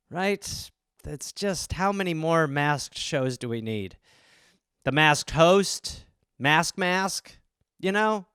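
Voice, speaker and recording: Podcast host, male, rambling comedic monologue; bright, smooth tone, dry close sound. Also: on the high side, dry recording. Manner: rambling, acts out voices in bits.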